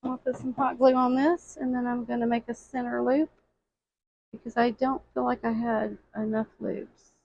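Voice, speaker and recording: A woman's voice: on the high side, flat delivery, normal speed, vocal fry, a little mellow, muffled recording. A woman chatting her way through a floral craft tutorial, repeating little phrases as she works at a table.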